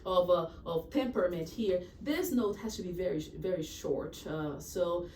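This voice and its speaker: A woman's voice: lowish voice, moderate pace, a little hiss or hum. A woman piano teacher coaching a student through a piece, giving short cues and singing out rhythms as he plays. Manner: sings out rhythms over the playing. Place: music studio room. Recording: roomy, distant mic with loud piano.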